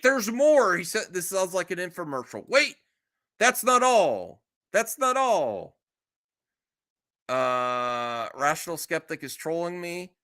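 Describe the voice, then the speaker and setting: Male streamer host, fairly high voice with a bright, forceful edge; blunt, exasperated, swears a lot. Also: clean tone. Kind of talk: casual live-stream chat.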